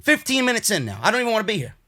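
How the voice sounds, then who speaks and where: Fired-up male show reviewer, New York accent, high bright voice, profane rants that boil over into shouting. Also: wildly swooping pitch, racing. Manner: furious profane ranting, swinging between shouting and weary grumbling. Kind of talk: angry ranting show review.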